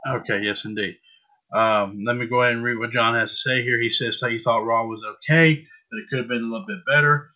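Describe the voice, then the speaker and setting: A man's voice: mid-range voice, steady tone, a little fast, bright, forceful tone. A man co-hosting a wrestling podcast, chatting casually and stumbling over names. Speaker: podcast co-host. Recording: dull lo-fi sound.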